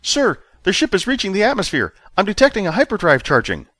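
A man voicing a nervous young male starship officer who gives strained, dutiful reports in a high voice. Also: wildly swooping pitch, fast, fairly bright tone, dry recording, heavily acted. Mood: anxious.

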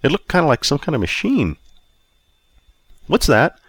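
A man's voice: fairly high pitch, wildly swooping pitch, quick pace, fairly bright tone, dry recording. A man narrating a first-person story aloud in a wry, self-mocking way. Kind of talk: audiobook reading.

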